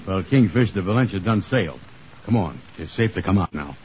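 A man's voice: low voice, lively intonation, a little fast, over music. An actor playing an easygoing, agreeable grown-man sidekick in a 1940s radio comedy, with a drawling, plain way of speaking. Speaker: comic sidekick in a radio sitcom. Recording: muffled old radio broadcast.

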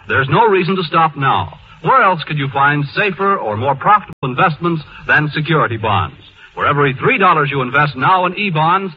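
A man reading an announcement in a smooth, persuasive way on old radio. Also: fairly high pitch. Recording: tinny old radio with hiss.

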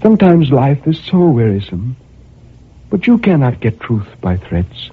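A man reading aloud plays an aloof young woman who speaks of love with cool, unreadable calm. The voice is husky and pitched up, with a lively swing to it. It comes through thin, phone-like audio. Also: unhurried. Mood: calmly pitying. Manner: cool, insistent, softly pitying. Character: cold, mysterious young woman, evasive lover.

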